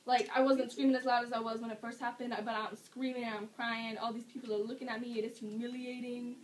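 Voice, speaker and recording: A woman's voice: fairly high pitch, flat delivery, fast. A teenage girl telling a story casually, rambling with fillers and laughing often. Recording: distant mic with loud background noise.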